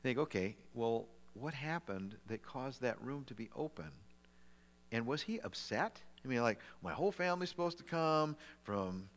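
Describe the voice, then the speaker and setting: A middle-aged man preaching a sermon as pastor, in a conversational way with lively asides, often restarting his words. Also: mid-range voice, normal speed. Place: church sanctuary. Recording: long reverb of a large hall.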